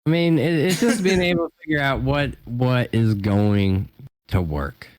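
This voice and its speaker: A man's voice: medium pitch, unhurried, a little mellow, no echo. A man talking as a guest on a casual podcast, rambling and filling his speech with "like" and "you know".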